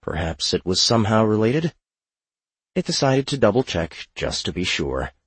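A man narrating a fantasy audiobook in a measured, matter-of-fact way. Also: fairly low pitch, sing-song, slightly rough, dry recording. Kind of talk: scripted fiction narration.

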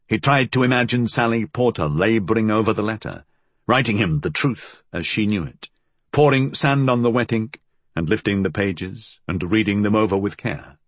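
A man reading a novel aloud as an audiobook narrator, measured and expressive. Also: on the low side, no echo.

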